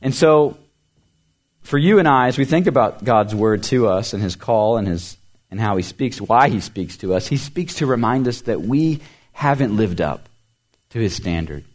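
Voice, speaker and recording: A man preaching a sermon as pastor, earnest, repeating words for emphasis, lifting his voice on key phrases and letting it sink soft and low at the ends. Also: lively intonation, moderate pace.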